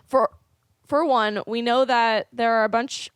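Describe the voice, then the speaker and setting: A woman's voice: a little high, steady tone, unhurried, clean tone, no echo. A woman co-hosting a casual podcast, talking eagerly and reading aloud from an article. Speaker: podcast co-host. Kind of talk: casual chat.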